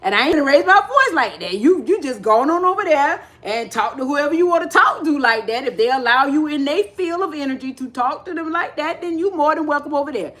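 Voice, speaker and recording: High-voiced animated woman on livestream. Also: fairly quick, hardly any pauses. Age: middle-aged. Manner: animated, repeats phrases, acts out quoted voices. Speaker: spiritual livestream host. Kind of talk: casual livestream talk.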